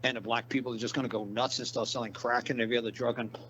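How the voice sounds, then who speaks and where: A man spins a long, rambling tale in a casual interview and acts out the people in it with heated, profane bursts. His voice sits at an ordinary pitch. The audio is dull and muffled, with a faint hum behind him. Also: little pitch movement, very fast, a bit bright. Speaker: guest. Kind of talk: casual storytelling.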